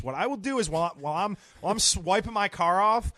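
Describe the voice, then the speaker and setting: A young man co-hosts a sports radio show. He tells a long story in a rambling way, full of restarts. His voice sits a little high, and the studio sound is dry. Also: expressive, quick pace, hardly any pauses, a bit bright, dry recording. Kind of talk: casual studio chat.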